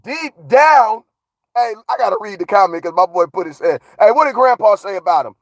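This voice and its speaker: A man hosting a casual live stream, giving viewer shout-outs in a slangy, hyped way that swings from low mutters to loud shouts. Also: lively intonation, fast talker, creaky, no room sound. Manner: slangy, repeats catchphrases. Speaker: livestream host.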